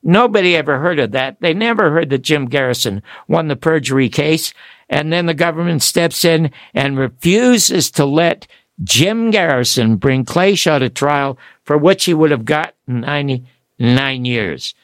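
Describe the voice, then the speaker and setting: An older man, a book author, telling animated stories as a guest on a radio talk show, acting out the voices of the people he quotes. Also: on the high side, a little slow, no echo.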